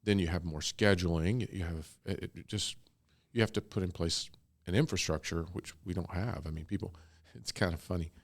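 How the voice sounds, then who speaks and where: Man, very low voice, rambling, enthusiastic, casual interview guest. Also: moderate pace, creaky, hardly any pauses. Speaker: guest, co-founder of a bunny ministry.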